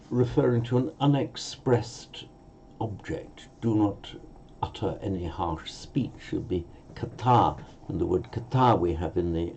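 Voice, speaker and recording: A very low-pitched man with a gravelly voice, teaching a language step by step and correcting himself as he thinks aloud. His tone is dark and mellow. The recording sounds a bit dull and lo-fi, with a faint hiss underneath. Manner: thinking aloud, self-correcting, with many fillers. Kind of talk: language lesson.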